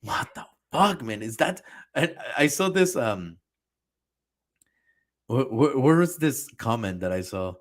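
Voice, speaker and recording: A man's voice: medium pitch, expressive, slow, long pauses. A man streaming a reaction, talking back at a video in a heated, profane, exasperated rant.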